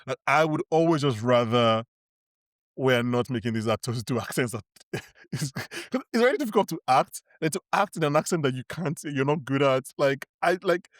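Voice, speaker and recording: A man hosting a podcast, chatting casually about films in a rapid, animated way and laughing often. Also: medium pitch, no echo, studio quality. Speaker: podcast host. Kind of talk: casual film chat.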